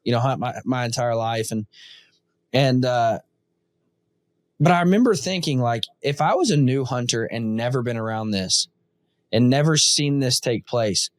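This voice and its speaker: A man in a relaxed podcast chat who tells stories with energy and acts out the quotes. His voice sits in the middle range. The sound is dry and close, with no room echo. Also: medium pitch, moderate pace. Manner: animated storyteller, acts out quotes. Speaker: podcast host. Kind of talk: casual conversation.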